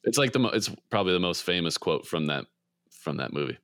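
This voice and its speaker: A man with a very low voice hosts a podcast in easygoing chat. He talks a little hesitantly and often repeats a word as he starts. His voice sounds dry and close. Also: big pitch swings, fast, fairly bright tone, clean tone, no echo. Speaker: podcast host. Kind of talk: casual chat.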